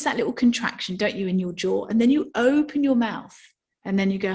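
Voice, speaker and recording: A woman's voice: medium pitch, lively intonation, fairly quick, a little mellow. A woman teaching somatic movement. She talks to a workshop audience, asks rhetorical questions and acts out yawns and sighs.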